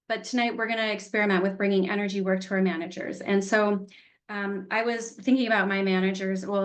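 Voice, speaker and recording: Woman, middle-aged, workshop teacher; casual, candid, light laughs. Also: medium pitch. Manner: chatty, candid, laughs easily. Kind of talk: teaching an online class.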